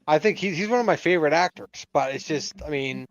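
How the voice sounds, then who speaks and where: A man's voice: on the high side, expressive, quick pace, dry recording, lo-fi sound. A man co-hosting a podcast in casual chat, blunt, profane and rambling. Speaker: podcast co-host.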